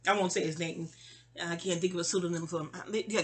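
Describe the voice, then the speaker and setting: A fairly low-pitched, somewhat bright woman's voice comes at a fairly quick clip. She's a middle-aged New Yorker vlogging a memoir-style story from her life, rambling off on tangents and full of fillers and restarts.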